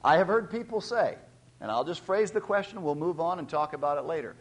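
A man preaching a sermon, teaching and questioning his listeners, swelling loud on key points. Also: on the high side, expressive, brisk. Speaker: pastor.

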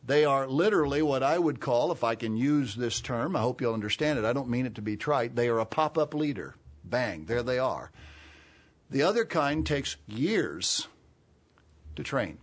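A man preaching a sermon. He explains words slowly and clearly, then builds to urgent, emphatic calls. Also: mid-range voice, sing-song. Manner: expository, spells out Greek words, rises to urgent emphasis.

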